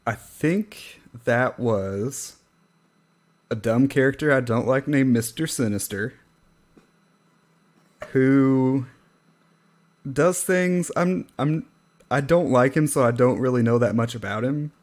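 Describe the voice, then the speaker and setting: A man's voice: mid-range voice, takes it slowly, pauses often, a little mellow. A man co-hosting a podcast in casual chat, wry and self-deprecating, often trailing off into a laugh. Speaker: podcast co-host.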